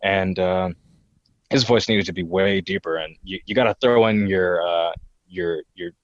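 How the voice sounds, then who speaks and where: A young man in his twenties talks in a low voice, hesitating often with "uh" and "um". The sound is slightly dull and very dry, like a home mic. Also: a little slow, dry recording. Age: 20s. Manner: hesitant, many fillers, slips into character voices. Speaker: guest voice impressionist. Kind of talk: podcast interview.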